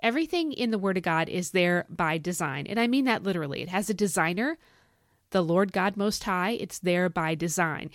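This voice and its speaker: A woman podcast host teaching from the Bible in an excited, folksy, emphatic way. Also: on the low side, moderate pace, no room sound, studio quality. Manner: animated, folksy, emphatic with y'all.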